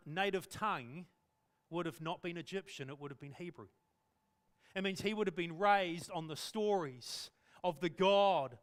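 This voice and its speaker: A man's voice: high voice, fairly bright tone. A male pastor preaching in church, telling the story animatedly and acting out the scenes. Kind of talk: sermon.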